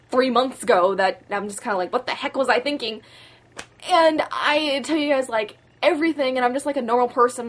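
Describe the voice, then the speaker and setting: A young woman chatting bubbly and fast in a casual vlog, full of likes and ums, acting out quotes in her story. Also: fairly high pitch, a bit bright. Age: young adult. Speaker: vlogger.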